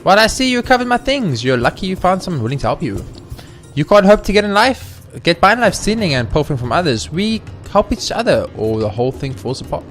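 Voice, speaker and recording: A guy doing stern scolding game npc, lecturing, kinda high voice. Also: big pitch swings, brisk, fairly bright tone, faint music behind.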